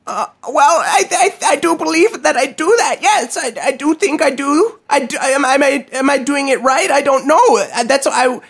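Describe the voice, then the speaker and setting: A woman's voice: high-pitched, gravelly, pitched above the performer's own voice. A woman doing a flustered old granny caller. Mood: bewildered. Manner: halting, stammering, bewildered. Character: confused elderly grandmother caller. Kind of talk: prank phone call.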